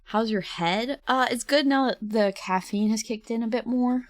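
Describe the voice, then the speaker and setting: A woman's voice: fairly high pitch, normal speed, no room sound, studio quality. A woman streamer chatting casually with viewers, rambling and laughing often. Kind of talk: casual livestream chat.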